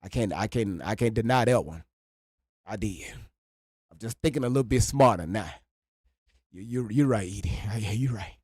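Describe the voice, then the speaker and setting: A man hosting a live reaction stream, chatting casually, stammering and repeating words, and swinging from low mutters to loud exclamations. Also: normal speed, pauses often, slightly rough, no echo, studio quality.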